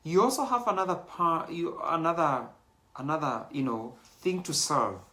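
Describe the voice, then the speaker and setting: A man's voice: a little high, normal speed, bright, forceful tone. A man hosting his own show, talking casually and animatedly to the audience, with many fillers and bits of Swahili slang. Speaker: show host.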